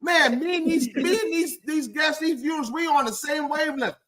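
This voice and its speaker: A man's voice: very high voice, moderate pace, a bit bright. A man hosting a live stream interview, joking and teasing his guests in playful banter.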